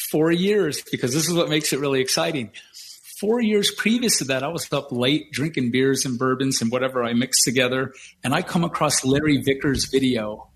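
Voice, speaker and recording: A man telling a long story on a podcast in an animated, casual way, acting out the people he quotes and swearing now and then. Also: mid-range voice.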